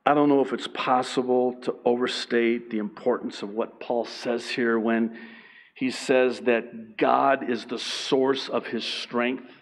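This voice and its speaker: A man preaching a sermon as pastor, emphatic and swinging between loud and hushed. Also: medium pitch, steady tone, measured pace, gravelly.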